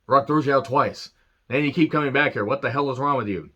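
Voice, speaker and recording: A man's voice: mid-range voice, quick pace, muffled recording, voice pushed up. A man doing a brash, taunting wrestling star. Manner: loud, taunting, mocking.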